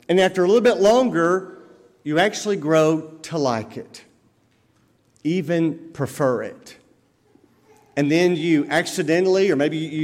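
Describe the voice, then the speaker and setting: A man preaching a sermon as pastor, in a conversational way full of everyday examples. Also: fairly high pitch. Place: church sanctuary. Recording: long reverb of a church hall.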